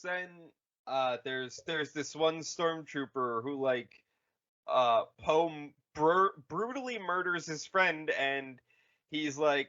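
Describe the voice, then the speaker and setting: Slow, bright-voiced man recapping a film. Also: on the high side, highs cut off. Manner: rambling, halting, full of fillers and quick mock voices. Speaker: podcast co-host retelling a film. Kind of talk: casual comedic recap.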